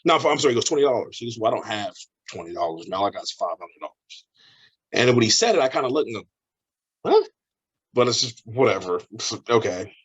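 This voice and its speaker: A man, a professional wrestler, telling a story in a casual interview, animated and laughing as he acts out the voices of the people in it. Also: fairly low pitch, quick pace, husky, highs cut off.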